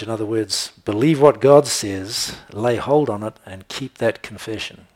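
A man's voice: lowish voice, a little slow, a little mellow. A man preaching a sermon, emphatic, repeating key phrases and reading scripture aloud. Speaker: pastor.

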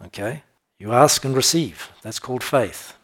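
A man's voice: mid-range voice, expressive. Emphatic male preacher reading scripture. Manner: emphatic scripture reading with slowed stressed phrases; conversational asides with soft laughs. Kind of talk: sermon.

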